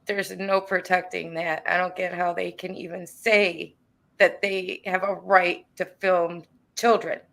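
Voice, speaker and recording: Low, gravelly woman speaking flatly. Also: a little slow. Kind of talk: casual chat.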